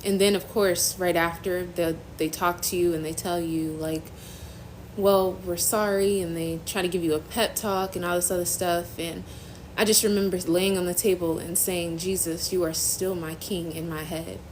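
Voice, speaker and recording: A young woman hosting a faith-based phone live stream, giving an emotional personal testimony in a halting, earnest way, near tears. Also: on the low side, fairly even intonation, a little hiss or hum, rough recording. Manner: halting, earnest, trailing off and restarting.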